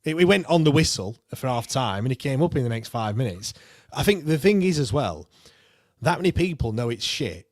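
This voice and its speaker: A man hosting a casual football fan show, chatty and quick to laugh, often restarting his sentences. His voice sits at a middling pitch. It is recorded close and dry, with almost no room sound. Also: big pitch swings, dry recording. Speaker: podcast host reading viewer comments.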